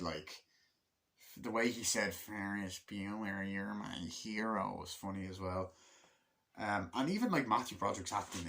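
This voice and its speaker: A young man giving a casual spoken film review, rambling, swearing often and acting out scenes in quick quoted voices. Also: lowish voice, fairly bright tone. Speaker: movie reviewer.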